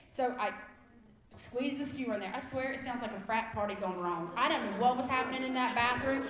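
Woman storyteller, high voice, echoey room, animated and emphatic. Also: a little fast, a little hiss or hum. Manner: animated, emphatic, laughs through lines. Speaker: kindergarten teacher telling a story. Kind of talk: live storytelling to an audience.

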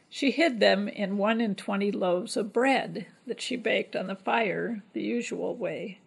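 Woman storyteller, folktale reading, husky, gravelly. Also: medium pitch, rough recording. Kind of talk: storybook narration.

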